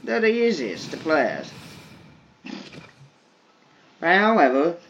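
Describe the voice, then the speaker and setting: A man with a slightly high voice talks very slowly over his gameplay, weighing each phrase and circling back to repeat himself. The recording sounds dull and lo-fi, like a modest home mic. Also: huge pitch swings, a bit bright, slight background noise. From United States. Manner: slow, deliberate, repeats himself. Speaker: gaming video creator. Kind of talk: gameplay commentary.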